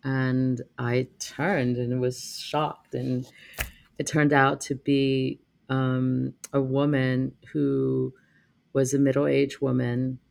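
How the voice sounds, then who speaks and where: Reflective man with a gravelly voice. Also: medium pitch, little pitch movement, darkish tone. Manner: reflective, halting, many fillers and restarts. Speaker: storyteller. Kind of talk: personal storytelling talk.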